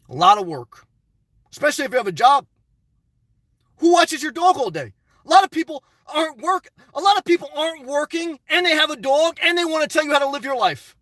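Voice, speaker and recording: A man's voice: extremely high pitch, fairly bright tone, no echo, recorded from a distance. A middle-aged man hosting a casual live stream, answering chat in a blunt, opinionated, rambling way.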